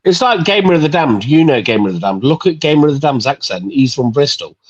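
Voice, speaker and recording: A man's voice: mid-range voice, very animated, quick pace, slightly rough, no echo, lo-fi sound. A man with an English Midlands accent arguing his point in a casual group chat, emphatic and swearing freely.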